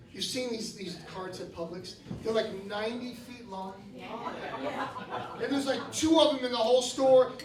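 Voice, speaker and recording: A man in his fifties telling stories in a stand-up comedy set, breaking into shouted rants. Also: extremely high pitch. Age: 50s. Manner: storytelling, bursts into shouted rants. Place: comedy club stage. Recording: roomy club sound from a distance. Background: audience laughing.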